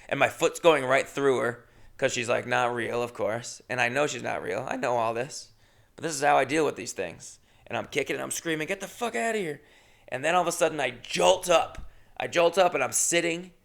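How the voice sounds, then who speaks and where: A man's voice: mid-range voice, vocal fry, sharp tone. A man, a comedian hosting his own podcast, telling a long rambling story in a profane, self-deprecating way.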